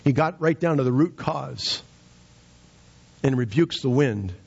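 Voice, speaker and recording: A man's voice: medium pitch, animated, unhurried, creaky, a little mellow, husky, dull audio. A man preaching a sermon with emphatic, rising and falling delivery.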